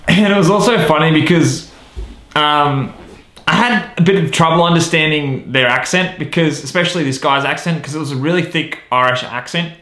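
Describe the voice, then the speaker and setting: Rambling man telling a story, bright voice. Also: on the high side, normal speed, roomy sound. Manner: rambling, many fillers like "you know" and "right?". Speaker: podcast host. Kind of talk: casual storytelling.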